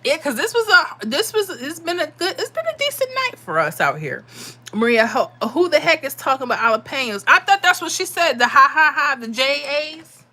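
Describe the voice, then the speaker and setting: Woman livestream host, chatty and laughing, bright higher voice, reads chat casually. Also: wildly swooping pitch, brisk. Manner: chatty, laughs often, Southern-style speech. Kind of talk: casual live chat with viewers.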